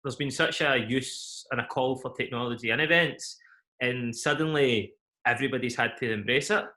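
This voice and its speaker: A man's voice: mid-range voice, moderate pace, pushed and bright. A young man with a Glaswegian Scottish accent, answering interview questions as an event company head, with many fillers and easy laughter. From Scotland.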